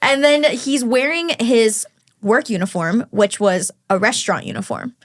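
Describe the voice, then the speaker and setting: Brief: young woman guest, slightly high voice, animated anecdote teller who plays out every line of dialogue. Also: normal speed. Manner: animated, acts out quotes in storytelling. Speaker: podcast guest. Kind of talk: casual storytelling.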